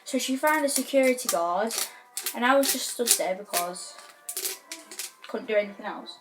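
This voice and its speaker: Vlogger, fairly high voice, excitable and rambling. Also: female voice, moderate pace, music in the background. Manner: rambling, excitable, many restarts. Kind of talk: casual vlog storytelling.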